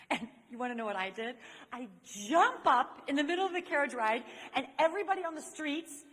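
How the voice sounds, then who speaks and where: Animated woman storyteller in an echoey hall. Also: high voice, a little fast, a little hiss or hum. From Saint Louis, USA. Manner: animated storyteller who speaks straight to the audience. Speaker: speaker on chastity. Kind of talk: inspirational talk to a live audience. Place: large convention hall.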